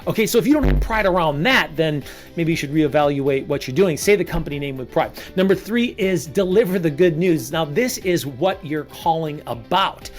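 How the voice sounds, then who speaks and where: A man coaching salespeople in an energetic video lesson. He talks standing up, projects energy on purpose and repeats short punchy phrases. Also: high-pitched, moderate pace, soft background music. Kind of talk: energetic coaching monologue to camera.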